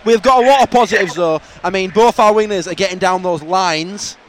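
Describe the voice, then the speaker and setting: A man's voice: sits high, brisk. A man with a Yorkshire accent co-hosting a podcast, playful and joking, dropping mock commentary lines. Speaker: podcast co-host. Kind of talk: casual banter.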